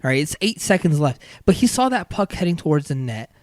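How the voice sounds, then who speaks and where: Animated man chatting about hockey. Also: a little high, quick pace, dry recording. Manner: animated, acts out quotes, trails off and restarts. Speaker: podcast co-host. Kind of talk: casual sports chat.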